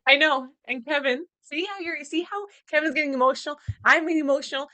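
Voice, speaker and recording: Female podcast co-host, slightly high voice, indignant and emphatic delivery. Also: fast talker, pushed and bright. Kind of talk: casual movie review chat.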